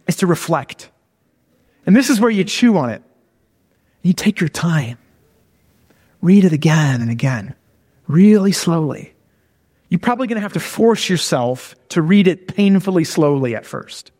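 A man's voice: sits high, animated, measured pace, pauses often, a little mellow, long reverb tail. A man giving a conversational sermon who keeps checking in with his listeners with "okay?" and "all right?". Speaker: preacher.

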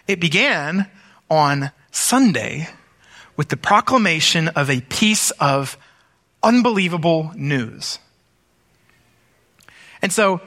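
Bright-voiced pastor preaching in a reverberant hall. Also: male voice, high voice. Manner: conversational, lively scripture reading with asides. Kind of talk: sermon.

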